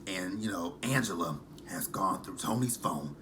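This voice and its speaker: A man's voice: deep voice, lively intonation, moderate pace, noisy background. A man hosting a casual reaction vlog, chatty and sarcastic, with some cursing. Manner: chatty, sarcastic, uses profanity. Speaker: reality TV recap host.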